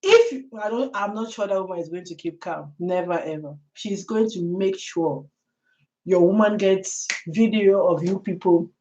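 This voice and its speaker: A woman's voice: on the low side, moderate pace, warm tone, highs cut off. A woman vlogger telling a story in a chatty way, laughing often and talking straight to the viewer. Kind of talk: casual storytelling commentary.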